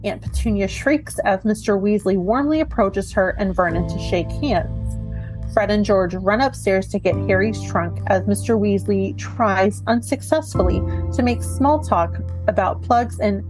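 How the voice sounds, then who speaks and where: A woman's voice: medium pitch, a little slow, a little mellow, faint music behind, low-quality recording. A woman co-hosting a podcast over a video call, reading out a plot summary and then chatting casually with laughs. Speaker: podcast co-host. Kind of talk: casual chat and chapter summary.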